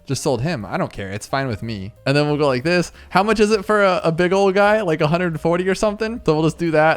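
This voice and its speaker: Man, gaming commentator, excitable and chatty with viewers; clear, smooth, slightly high voice. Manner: excitable, talks to viewers while playing. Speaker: gaming YouTuber. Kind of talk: video game commentary.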